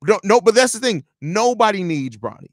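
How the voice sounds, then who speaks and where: A man hosting a live fan stream, talking in blunt, profane, animated banter and reading chat comments aloud. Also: high voice, a little fast, dry recording, clean studio sound. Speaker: host of a Bulls fan show.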